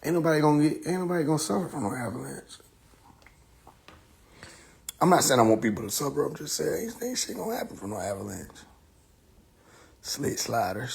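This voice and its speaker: A man hosting a casual live stream, riffing loudly with profanity and frequent laughter. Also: a little high, sing-song, brisk, creaky, pauses often. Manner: loud joking rant, heavy profanity, laughing often. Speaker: livestream host. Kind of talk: casual livestream chat.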